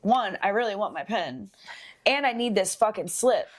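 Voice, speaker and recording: A young woman co-hosting a podcast, telling a bartending story in a casual, swearing, animated way. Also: mid-range voice, normal speed. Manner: swears freely, animated when quoting people.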